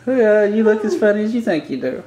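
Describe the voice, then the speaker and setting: A woman's voice: mid-range voice, very animated, fairly quick, crowd noise. A woman filming a party game at home, teasing and giggling as she talks on a handheld camera. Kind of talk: casual home video chatter. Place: indoor room with a group of people. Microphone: handheld camera mic. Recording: home video with chattering group.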